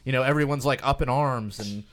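A man's voice: mid-range voice, a little fast, a loud crowd. A sarcastic man in casual conversation who keeps steering the talk toward new topics. He swears freely, in a plain mid-range voice. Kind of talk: casual chat.

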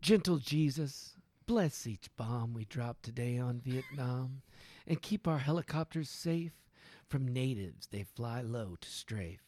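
Slow-talking amused man. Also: medium pitch, expressive, a little mellow, no echo. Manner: slow, amused, laughs often. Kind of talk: casual chat, reading a poster aloud.

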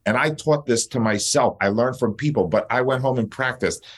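A man's voice: mid-range voice, fairly quick, husky. A male dentist and educator talking in a casual interview, blunt, fired-up and openly emotional.

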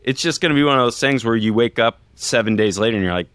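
A man co-hosting a sports podcast, a former walk-on who teases his co-hosts in quick, joking chat. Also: medium pitch, a bit bright, smooth, no echo. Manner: teasing, fast, ribbing. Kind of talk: casual chat, teasing co-hosts.

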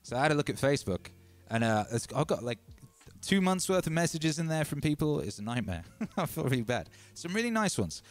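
A man hosting a DJ livestream, chatting casually and rambling between shout-outs to his viewers. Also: a little high, sing-song, a little fast. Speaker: DJ and livestream host. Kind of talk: casual livestream chat over music. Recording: loud music playing under the voice.

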